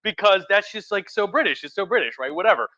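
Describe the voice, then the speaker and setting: A man's voice: high voice, animated, fast talker, sharp tone, dry recording, dull audio. A drunk male history professor giving a rambling, profane, chatty livestream lecture from home, with many restarts.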